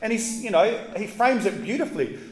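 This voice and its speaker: A man preaching a casual, conversational sermon in relaxed, slangy talk with animated asides. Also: sits high, brisk. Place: church. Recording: roomy echoey hall.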